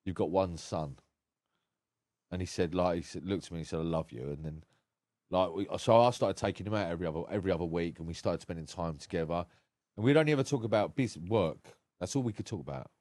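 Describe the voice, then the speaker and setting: A man's voice: sits low, fast talker, darkish tone, no room sound, clean studio sound. A man, a podcast guest recounting his life frankly and with feeling, swearing freely. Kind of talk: candid personal storytelling.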